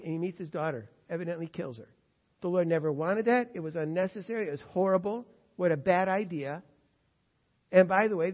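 High-voiced man preaching in an echoey hall. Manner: storytelling, animated, acts out quotes. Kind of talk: sermon. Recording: dull echoey hall recording.

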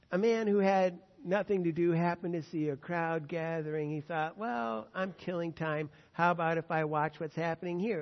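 High-voiced man preaching in a church hall. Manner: storytelling, rising to emphatic passages then hushed. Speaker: pastor. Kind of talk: sermon. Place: church sanctuary. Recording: muffled sound in a large reverberant church hall.

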